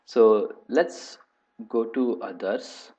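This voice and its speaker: A man teaches a live online class on software testing, speaking haltingly with many fillers and repeating his points. His voice is on the low side.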